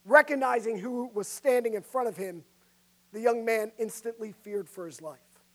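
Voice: medium pitch, moderate pace, a bit bright. A preacher delivering an emphatic sermon, often asking the congregation direct questions. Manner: emphatic, asks the audience questions.

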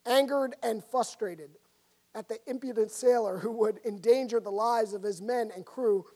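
A woman preaching a sermon, telling a story dramatically and swinging between loud and soft. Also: fairly high pitch, normal speed.

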